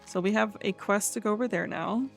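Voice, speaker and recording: Woman gamer host, mid-pitched, reads quest dialogue aloud between chatty asides; faint game music behind. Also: fairly quick, vocal fry. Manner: chatty, laughs often, stumbles over fantasy names. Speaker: let's play host. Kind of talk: casual gameplay commentary, reading quest text aloud.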